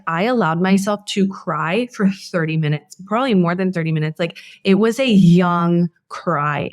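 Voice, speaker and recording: A woman's voice: on the low side, dry recording, studio quality. A woman hosting a podcast, talking in an earnest, heartfelt and reflective way. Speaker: podcast host. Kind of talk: casual conversation.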